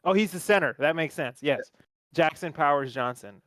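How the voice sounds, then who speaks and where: Young male podcast host, higher voice, dry close sound, profane and animated storyteller. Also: normal speed, no room sound. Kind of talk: casual sports chat.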